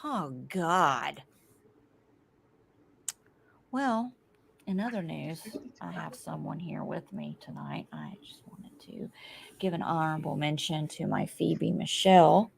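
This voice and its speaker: A middle-aged woman hosts a casual podcast chat with a low voice. Her pitch swings widely as she tells an animated story and swears freely. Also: measured pace, vocal fry. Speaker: podcast host.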